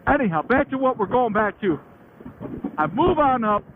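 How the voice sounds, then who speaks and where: A man in his late thirties with a high voice spins a loose, slangy story about his riding days, swearing casually as he goes. The sound is thin and tinny like a phone line, with a light hiss under it. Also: big pitch swings, moderate pace. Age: late 30s. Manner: slangy, chatty, laughs often, swears. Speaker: motorcycle vlogger.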